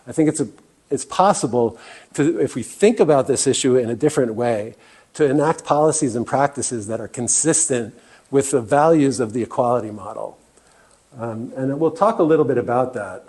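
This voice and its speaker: A man's voice: mid-range voice, normal speed, darkish tone, husky. A man giving a presentation talk as guest speaker, earnest and often restarting with fillers. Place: meeting room.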